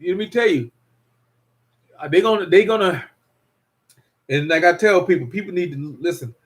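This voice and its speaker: An older man with a high-sitting voice hosts a casual livestream at normal speed, greeting viewers while he rambles and repeats himself.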